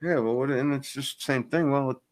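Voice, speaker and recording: A man's voice: medium pitch, fairly quick. A sleepy, laid-back man in casual online chat, laughing often. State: sleepy, yawning. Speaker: online show host.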